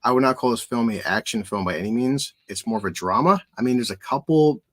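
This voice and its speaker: A man's voice: mid-range voice, fast. A man hosting a casual movie review podcast, rambling with frequent restarts. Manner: rambling, many restarts and fillers. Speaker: podcast host.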